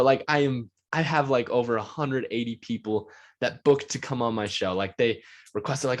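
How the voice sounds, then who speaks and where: A man hosts his own podcast solo, speaking a little fast in a mid-range voice. His monologue is eager and rambling, packed with filler words.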